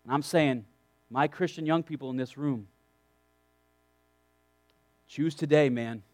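A man's voice: a little high, a little slow, a little mellow, dry recording. A man preaching a sermon to young people, reading scripture aloud and breaking off into emphatic asides, with frequent restarts. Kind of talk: sermon to a youth group.

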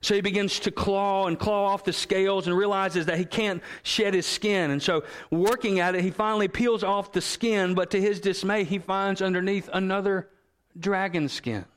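A male pastor delivers a sermon in a slightly higher-than-usual voice. He speaks earnestly and reads scripture and story passages aloud. For emphasis he slows down and lets his voice sink low. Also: fairly bright tone.

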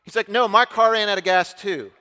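A middle-aged man telling a story from the pulpit, acting out the voices of the people in it. His voice is high, bright and forceful. It rings with the long reverb of a large hall. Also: brisk, smooth. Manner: animated storyteller, acts out other voices. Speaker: preacher. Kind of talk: storytelling sermon.

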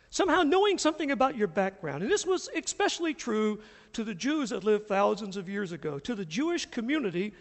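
A middle-aged man from the US South, a pastor preaching a sermon and telling stories in an animated, chuckling way. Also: high-pitched, big-room sound. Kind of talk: sermon with storytelling. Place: church sanctuary.

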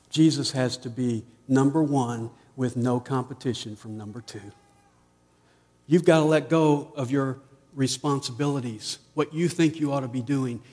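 A man preaching a sermon as pastor, rising to emphatic peaks and dropping to quiet asides. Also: mid-range voice, big-room sound.

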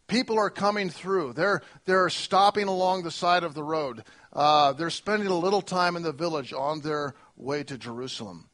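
Man preaching a relaxed, chatty sermon. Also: sits high. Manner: conversational preaching with pauses and restarts; self-deprecating humor with laughs. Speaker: pastor.

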